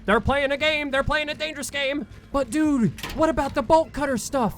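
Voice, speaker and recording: High-voiced jumpy gamer man. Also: moderate pace, a little hiss or hum. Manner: jumpy, swears and yelps at scares. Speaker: let's play gamer. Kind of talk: live gameplay commentary. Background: loud game soundtrack.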